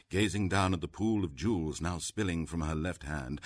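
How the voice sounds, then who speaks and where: A man narrating a story in an audiobook with dramatic, expressive delivery. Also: low voice, normal speed, hardly any pauses, breathy edge, no room sound, clean studio sound.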